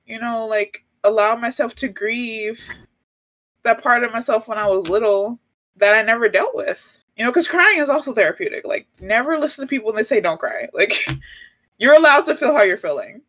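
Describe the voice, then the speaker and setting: A woman's voice: a little high, lively intonation, moderate pace, fairly bright tone. Reflective woman in rambling chat. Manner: reflective, rambling, heavy on "like" and "you know". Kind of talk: casual chat.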